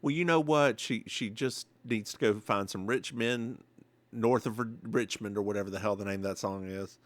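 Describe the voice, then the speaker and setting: A man with a Southern US accent co-hosting a podcast, recapping a TV episode in casual chat with animated, sassy asides. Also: on the low side, moderate pace, no echo. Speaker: podcast co-host.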